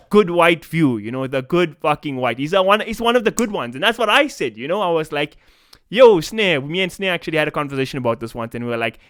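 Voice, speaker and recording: A man's voice: a little high, fairly bright tone, smooth, no echo, studio quality. A young South African man with a South African accent, ranting in a profane, casual-slang commentary vlog. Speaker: esports commentator.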